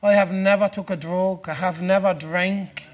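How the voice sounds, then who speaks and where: An Irish man giving a personal testimony sermon to a church gathering, earnest, dropping low and slow for the dark parts. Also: fairly even intonation. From Ireland.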